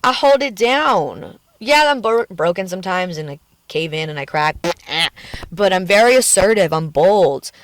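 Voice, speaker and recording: In a car at the beach, a woman rants into her phone for a candid personal vlog, emotional and full of swearing. Her voice is a little low for a woman, with lively intonation and a moderate pace, and the sound is dry and close with no echo or room around it.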